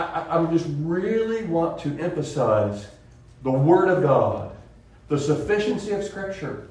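A man preaching a sermon in an earnest, rambling way, often restarting his sentences. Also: sits high. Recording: very echoey room, voice from far off mic.

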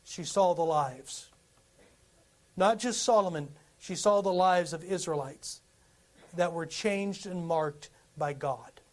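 A man with a high voice delivers a sermon to his congregation. He reads scripture aloud and keeps firing rhetorical questions at his listeners in an animated way. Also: takes it slowly. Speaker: preacher.

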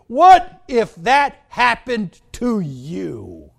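A man preaching a sermon, swinging from quiet asides to shouted cries. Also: sits high, big pitch swings, slow pace, gravelly. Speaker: pastor.

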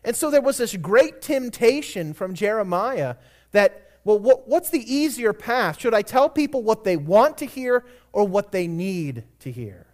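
High-voiced man preaching a sermon. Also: very animated, unhurried, a little mellow. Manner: earnest preaching, reads scripture aloud with emphatic stresses. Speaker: pastor.

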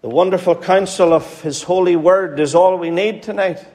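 A man's voice: high-pitched, moderate pace, darkish tone. A man with a Northern Irish accent preaching a sermon in an earnest, pleading way, repeating phrases for emphasis. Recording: hall reverb.

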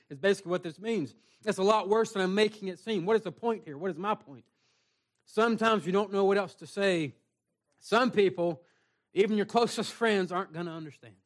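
A young man with a notably high voice preaches a sermon. He talks earnestly and plainly, circling back over his phrases and reading scripture aloud. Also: a little fast.

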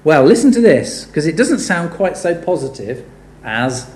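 A man preaching a sermon, animated and building to emphatic rhetorical questions. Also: a little high, a little slow. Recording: echoey room.

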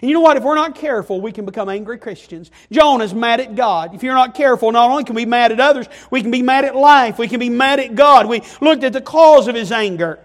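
A man's voice: very high voice, fast talker, hardly any pauses. A man preaching a sermon, stressing points through repetition and rhetorical questions.

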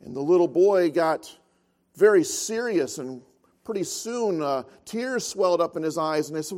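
A man's voice: fairly high pitch, expressive, normal speed, a little mellow. A man preaching a sermon as pastor of a church, telling stories with frequent filler sounds.

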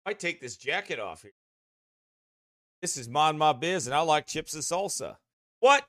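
A man's voice: fairly high pitch, expressive, normal speed, long pauses, a bit bright, no echo, clean studio sound. A man, a pastor, chatting casually on a livestream, laughing often and in a goofy mood, his voice slightly strained.

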